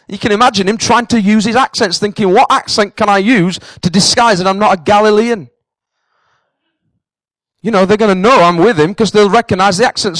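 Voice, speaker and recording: A man's voice: sits high, a bit bright, dry recording, rough recording. A man with a Northern English accent preaching a sermon to his congregation in an earnest, direct way, often repeating himself for emphasis. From northern England. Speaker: pastor. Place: church in Cambridge.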